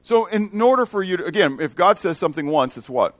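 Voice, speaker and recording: A man's voice: fairly high pitch, quick pace, dry recording. A man preaching a verse-by-verse sermon, quizzing his listeners and acting out the dialogue in shifting voices. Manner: animated, asks the congregation questions. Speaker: pastor. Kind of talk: expository sermon.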